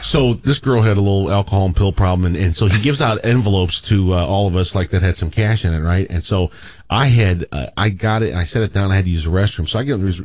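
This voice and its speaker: Low-voiced male radio co-host. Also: quick pace, a little mellow, dry recording, lo-fi sound. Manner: easygoing storyteller, laughs at his own anecdotes. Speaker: radio talk show co-host. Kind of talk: casual radio banter.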